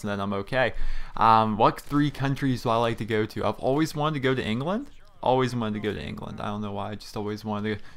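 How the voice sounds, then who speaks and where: A man's voice: on the low side, fairly bright tone, smooth. Young guy from pennsylvania just rambling over his gameplay, lots of ums and uhs. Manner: rambling, chatty, frequent fillers. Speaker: gaming YouTuber. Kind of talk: casual commentary over gameplay. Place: small room at home.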